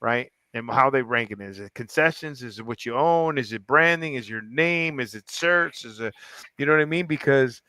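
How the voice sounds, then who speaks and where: A man hosting a casual sports podcast, talking in an animated, rambling way with many restarts. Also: medium pitch, moderate pace, smooth. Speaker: podcast host. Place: club in downtown Fort Lauderdale.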